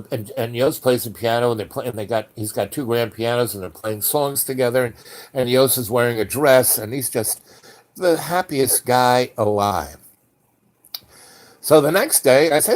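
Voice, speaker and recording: A man telling a long anecdote in a casual, rambling way, with frequent restarts and fillers. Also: medium pitch. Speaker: storyteller.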